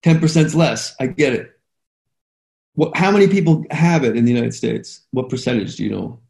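A man with a mid-range, gravelly, slightly mellow voice speaks at normal speed as a podcast host. In this interview conversation he rambles with passion and emotion, and the recording carries a roomy echo.

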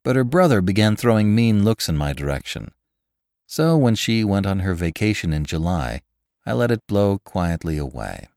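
A man narrating a classic novel in a measured, expressive reading. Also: fairly low pitch, creaky, dry recording, clean studio sound. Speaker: audiobook narrator.

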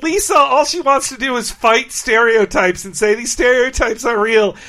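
A man's voice: extremely high pitch, normal speed, bright, forceful tone. A man co-hosting a podcast in casual chat, laughing often as he talks. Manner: laughs often, quotes lines in funny voices. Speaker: podcast co-host.

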